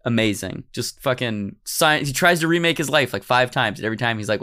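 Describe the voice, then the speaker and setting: A man's voice: mid-range voice, lively intonation, fairly quick, sharp tone, smooth. A man co-hosts a podcast in an easy, joking way. His voice sits in an ordinary middle range, and he drifts into playful asides. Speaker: podcast co-host. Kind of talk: casual comedic podcast chat.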